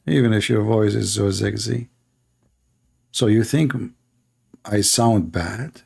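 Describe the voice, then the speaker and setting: Arabic-accented guy hosting a debate call-in, gravelly, teasing and sarcastic the whole time. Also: on the low side, expressive, unhurried, darkish tone. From Middle East. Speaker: host, Christian apologist. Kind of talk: debate show talk with callers.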